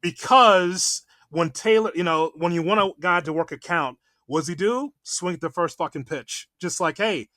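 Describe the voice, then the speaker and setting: A man's voice: sits high, moderate pace, hardly any pauses, bright, forceful tone, no room sound. Fired-up ranting male podcast co-host. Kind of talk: casual sports chat.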